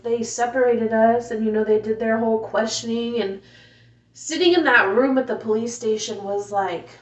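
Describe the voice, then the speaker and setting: A woman with a slightly high voice tells a painful family story, softly and with feeling, pausing often on fillers. She sits back from the camera mic. The room echoes and the sound is dull. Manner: soft-spoken, emotional, many fillers. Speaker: mother telling her story. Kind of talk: casual personal storytelling. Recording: roomy, distant, dull home recording.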